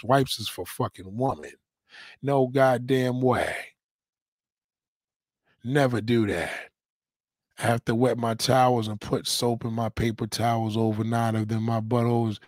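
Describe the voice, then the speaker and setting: A man ranting loudly and profanely on a livestream from home, rambling and repeating himself as he reads viewer comments. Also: mid-range voice, fairly even intonation, a little slow, dry recording. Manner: loud, profane, rambling and repetitive. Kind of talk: profane casual rant. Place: at home, in a towel on camera.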